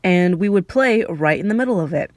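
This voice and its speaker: A young woman vlogger telling childhood stories in a chatty, lively way, with laughs and fillers. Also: lowish voice, brisk, no echo, studio quality. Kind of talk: casual storytelling.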